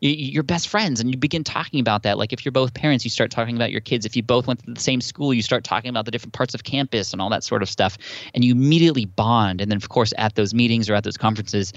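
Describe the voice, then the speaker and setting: A man's voice: mid-range voice, fast talker, no room sound. Chatty man with dull lo-fi sound. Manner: chatty, frequent restarts and fillers, animated storytelling. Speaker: podcast guest. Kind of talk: conversational interview answer.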